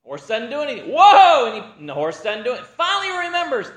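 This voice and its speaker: A man preaching a sermon, opening with a joke and acting out its characters in an animated storytelling manner. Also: very high voice, fast talker, echoey room.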